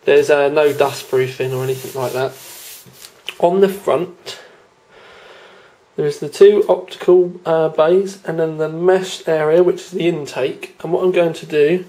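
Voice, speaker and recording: A man's voice: a little high, fairly even intonation, unhurried, dark tone. A man hosting a casual tech review, chatting informally while he handles the product and films it with a handheld camera indoors. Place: indoor room.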